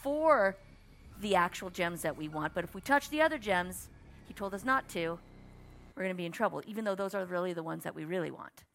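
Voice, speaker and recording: A woman playing a tabletop game on a livestream, excitable and talking over the others. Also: fairly low pitch, brisk, vocal fry, slight background noise. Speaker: player.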